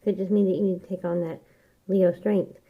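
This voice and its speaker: A woman giving a casual, rambling tarot reading, chatty and quick to laugh. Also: lowish voice, fairly even intonation, narrow, tinny audio. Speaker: tarot reader.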